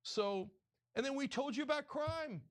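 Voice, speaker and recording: A man's voice: very high-pitched, expressive, moderate pace. A man hosting a political talk show, delivering heated, emphatic commentary with sarcastic asides.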